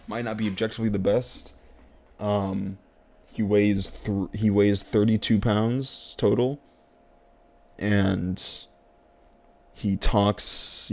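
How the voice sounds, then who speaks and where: A young male streamer with a lowish, gravelly voice, chatting to himself as he plays. He talks in loose slang, circles back over the same words again and again, and sounds worn out by the game. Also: a little mellow. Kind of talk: casual gaming commentary.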